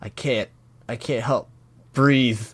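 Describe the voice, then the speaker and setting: A man's voice: medium pitch, fairly even intonation, moderate pace, husky, no echo, close to an everyday voice. A man reading the lines of a young man who is choking, with gasping, panicked pleas.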